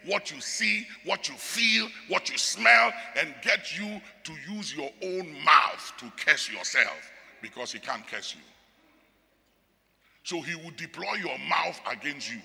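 Male pastor, sermon, gravelly, lively pitch swings, shouts and hushed asides, long hall reverb. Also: a little slow. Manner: call-and-response preaching, shifting from shouts to near murmurs.

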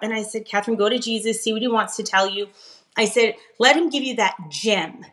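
A middle-aged woman, a podcast guest, telling a personal story in an emphatic, animated way with frequent laughs. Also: fairly high pitch, fairly quick. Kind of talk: conversational storytelling interview.

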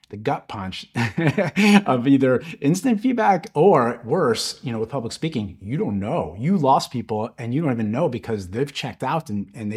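Man interviewer, very raspy husky voice, mid pitch, thoughtful long questions. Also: darkish tone.

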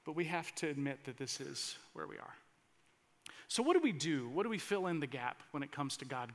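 A pastor preaches with earnest conviction, pushing into impassioned emphasis and frequently restarting phrases. His high voice has a bright, ringing edge, and his delivery is sing-song and fairly quick.

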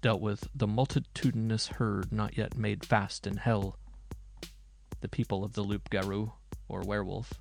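A man narrating a period horror tale in a measured, dramatic reading. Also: lowish voice, creaky, darkish tone. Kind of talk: scripted storybook narration.

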